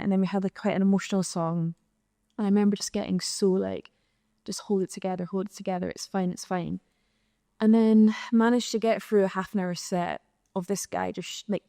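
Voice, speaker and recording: A woman's voice: medium pitch, gravelly, mellow, dry recording, clean studio sound. A young Scottish woman, a singer, telling stories candidly in a live panel conversation, acting out the exchanges she quotes. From Scotland. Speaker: singer and guest. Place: live podcast recording in an arts venue.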